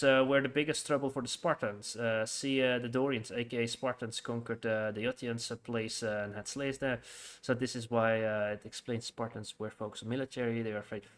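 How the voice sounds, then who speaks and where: A man chatting his way through a game stream from home, with a bright, clear-edged voice at a middling pitch. He rambles, stalls on fillers and breaks into short laughs as he thinks aloud. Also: brisk. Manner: rambling, hesitant, full of fillers and frequent laughs. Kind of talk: casual live-stream chat while playing.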